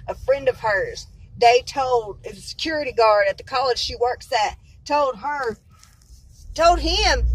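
A woman's voice: fairly high pitch, a little hiss or hum, low-quality recording. A woman talks straight to her camera in a casual vlog. She is blunt and indignant and fires off question after question. She swears freely. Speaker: vlogger.

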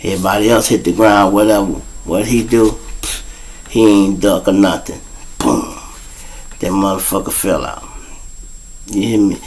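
A man around fifty with a Chicago accent, hosting his own show and telling a raw street story to his listeners, profane and blunt, breaking into loud acted-out voices. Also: sits low, normal speed, long pauses, rough recording. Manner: profane, blunt, addresses listeners directly, acts out voices loudly. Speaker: show host.

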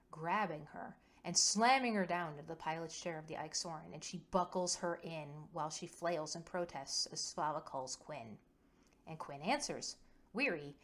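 A woman narrating a tabletop game story in an earnest, detailed way. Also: low voice.

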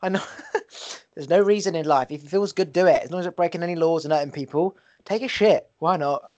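A man's voice: on the high side, fairly quick, a little mellow, highs cut off. A man, a podcast guest chatting casually in a crude, jokey, laid-back way.

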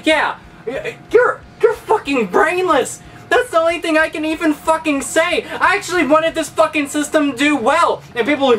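A man's voice: very high-pitched, animated, normal speed, sharp tone, distant mic, soft background music. A man hosting a gaming video, delivering a heated, sarcastic, profanity-laced rant. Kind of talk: angry rant vlog.

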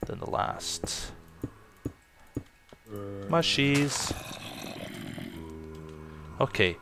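A man casually commenting on his own gameplay, chatty and self-mocking, with loud excited outbursts. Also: low voice, noisy background. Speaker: let's play gamer.

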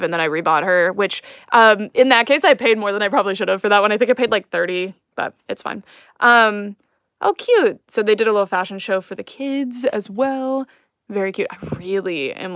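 A woman's voice: mid-range voice, a bit bright, dry recording. A young woman chatting casually on a live stream at home as she unboxes dolls, rambling and giggling with lots of fillers. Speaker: doll collector livestreaming an unboxing. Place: home room.

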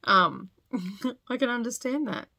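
An Australian woman in her forties chats away in a casual, rambling way, full of little fillers. Her voice is bright and forceful. The sound is close and dry, with no room echo. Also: on the high side, animated, slow, creaky. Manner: chatty and rambling, many fillers, with little laughs. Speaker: sewing vlogger. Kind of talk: casual chat. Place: home sewing studio.

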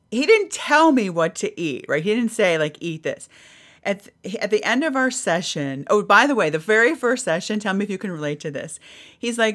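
A woman in her forties hosting a podcast, telling a personal story in an animated way, laughing often and acting out what people said. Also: mid-range voice. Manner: animated, laughing, acts out quotes. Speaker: podcast host.

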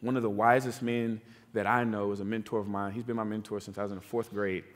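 A man's voice: on the low side, flat delivery, fast. A man preaching a sermon in a conversational way, often checking in with "right?" and "like". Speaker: pastor. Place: church sanctuary. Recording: long church hall reverb.

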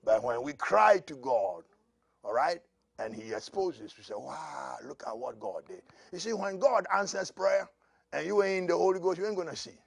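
A man preaching a prophetic sermon as pastor, dropping to a murmur and then rising to loud shouts, with laughs between lines. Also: fairly high pitch, moderate pace, gravelly, husky, no room sound.

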